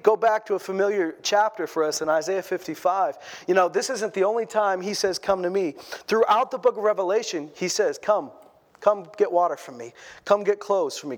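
High-voiced man preaching a sermon. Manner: conversational, repeats words while building a point. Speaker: pastor.

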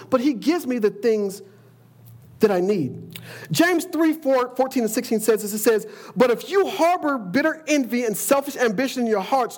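A man preaching a sermon, emphatic, often repeating words as he builds a point and quoting scripture. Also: extremely high pitch.

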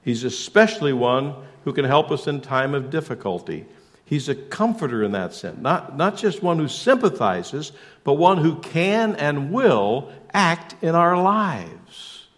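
A man preaching a sermon as pastor, emphatic, asking rhetorical questions and shifting suddenly between loud and soft. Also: a little high, big pitch swings, unhurried.

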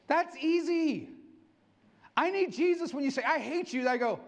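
A middle-aged male pastor giving an excitable sermon, acting out quotes as he preaches. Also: very high voice, moderate pace.

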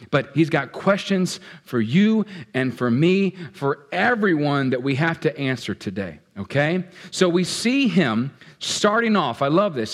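A man preaching a sermon as pastor, talking directly and playfully to his congregation. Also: on the high side. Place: church sanctuary. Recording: echoey hall.

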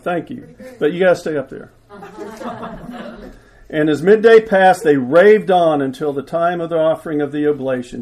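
A jovial male preacher reads a passage and breaks off for playful asides to the people acting it out. His voice sits a little high yet sounds warm and mellow. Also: poor audio. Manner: jovial, directing volunteers with asides. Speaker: preacher directing a scripture skit. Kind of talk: sermon reading scripture aloud.

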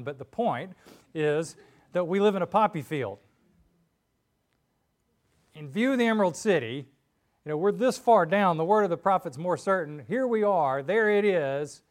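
A man's voice: on the high side, expressive, moderate pace, long pauses. Chatty, informal male preacher. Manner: informal and chatty, with frequent fillers and asides. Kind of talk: conversational sermon. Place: church.

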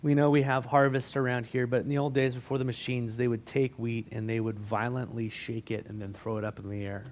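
A man's voice: medium pitch, little pitch movement, a little fast, hardly any pauses. A man preaching a sermon in a conversational way, asking the congregation questions and retelling scripture in everyday words. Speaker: pastor.

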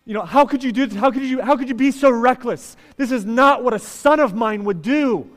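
A man voicing an exasperated father who scolds his reckless son loudly and in disbelief. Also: very high voice, brisk, pitched above the performer's own voice. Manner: loud, scolding, incredulous. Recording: long reverb in a large hall.

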